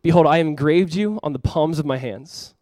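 A man's voice: on the high side, a little fast, a little mellow, no room sound, clean studio sound. A young man preaching a sermon to his church as pastor, earnest and conversational, with many fillers.

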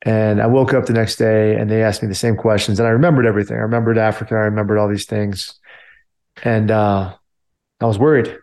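A man's voice: on the low side, little pitch movement, fairly quick, a little mellow. A man and army veteran telling a story casually, filling his talk with "like" and "you know". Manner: loose, filler-heavy talk with many "like" and "you know".

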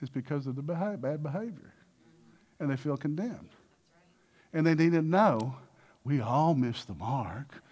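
A man preaching a sermon with lots of energy, acting out little dialogues and swinging between loud bursts and hushed passages. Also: a little high, animated, a little slow, pauses often. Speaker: pastor.

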